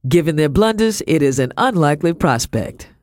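A man's voice: fairly high pitch, lively intonation, normal speed, dry recording, clean studio sound, lightly acted. A man doing a brusque, scornful British army officer.

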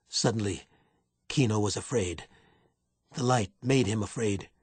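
A man narrating a novel aloud in a steady, even storytelling manner. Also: mid-range voice, husky, no room sound. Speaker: audiobook narrator. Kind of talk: scripted narration.

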